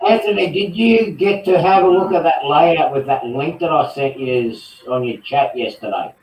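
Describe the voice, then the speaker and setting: A man's voice: fairly high pitch, moderate pace, darkish tone. An Australian man with a teasing, welcoming manner, hosting a casual online group chat. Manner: teasing, welcoming, repeats himself. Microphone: computer mic on a video call. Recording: echoey room, far from the mic.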